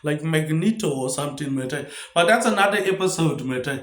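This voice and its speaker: A man's voice: fairly high pitch, animated, a little fast, a bit bright. A man rambling through a solo monologue, firing off rhetorical questions and tagging "mate" onto nearly every phrase. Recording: echoey room.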